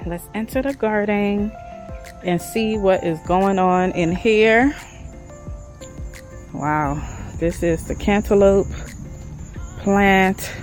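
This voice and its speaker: A woman chatting excitedly to her viewers as she walks through her backyard garden. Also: fairly low pitch, poor audio. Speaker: garden vlogger. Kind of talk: casual garden vlog.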